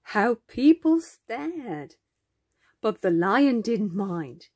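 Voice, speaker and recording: A woman reads a children's picture book aloud, unhurried and gentle. Her husky voice moves expressively up and down in pitch. The sound is dry and close. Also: big pitch swings, dry recording. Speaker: storybook reader.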